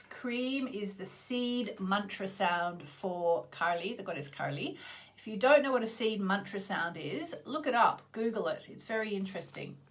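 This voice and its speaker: A middle-aged Australian woman hosting a live chanting session, talking casually and meandering, with loud exclamations that trail off into soft endings. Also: medium pitch. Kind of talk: casual live-stream chat. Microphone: video call.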